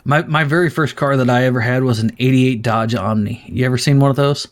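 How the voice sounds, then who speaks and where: A male podcast host in casual chat, swearing freely and telling a lively story. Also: mid-range voice, brisk. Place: at a desk, showing pictures to a guest.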